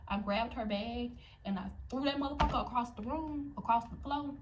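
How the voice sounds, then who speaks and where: A woman's voice: on the high side, normal speed, dull audio, background noise. A young woman vlogger telling a story to her viewers, heated and profane, addressing them directly. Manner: talks straight to viewers. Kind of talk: storytime vlog.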